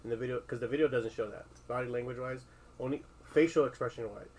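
A man's voice: mid-range voice, fairly even intonation, fast, a little mellow, a little hiss or hum, low-quality recording. A man in a casual conversation, thinking aloud with many restarts, fillers and some swearing. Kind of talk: casual discussion.

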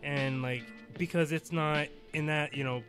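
A man thinking out loud in a casual chat, stumbling through filler words and restarts. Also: on the high side, steady tone, music in the background. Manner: halting, full of fillers like "you know" and "like".

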